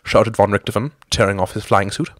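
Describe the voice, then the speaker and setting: A man narrating a comic adventure story in a wry, deadpan storybook manner. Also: lowish voice, brisk, dry recording, studio quality.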